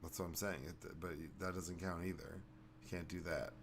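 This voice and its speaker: Man, lowish voice, profane, rambling, casual podcast chat, faint noise. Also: level tone, moderate pace. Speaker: podcast host.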